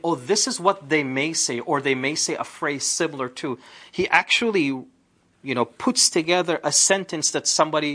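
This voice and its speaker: A man giving a conversational Quran class, lively and chatty, asking rhetorical questions with casual asides. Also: a little high. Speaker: Islamic teacher. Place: indoor class.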